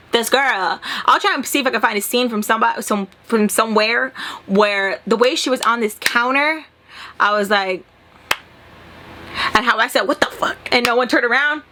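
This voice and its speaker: A young woman in her twenties telling a long, animated storytime, acting out the dialogue and swearing freely. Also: on the high side. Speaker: storytelling vlogger. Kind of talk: casual storytime.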